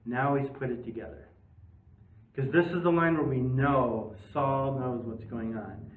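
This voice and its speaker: A man's voice: medium pitch, unhurried. A man teaching a casual Bible study class, chatty and joking, often putting questions to his listeners. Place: parish meeting room. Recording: tinny, echoey room, mic far off.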